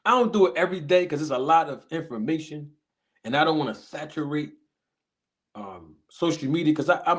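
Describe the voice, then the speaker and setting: A man hosting a live stream, chatting casually and giving animated shout-outs to viewers. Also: medium pitch. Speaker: livestream host.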